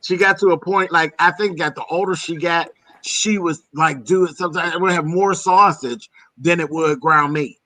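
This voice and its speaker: A chatty man from Pennsylvania with a bright, sharp tone and a slightly high pitch. He talks casually and loosely, tossing in "honey" and "girl" and laughing along the way. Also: moderate pace. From Pennsylvania, USA. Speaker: host. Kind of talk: casual chat.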